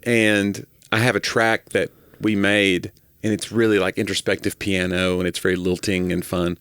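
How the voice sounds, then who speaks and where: A man's voice: deep voice, moderate pace, clear, resonant tone, no room sound. A man co-hosting a podcast, telling jokey stories in casual comedic chat. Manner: joking, animated storytelling. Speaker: podcast co-host.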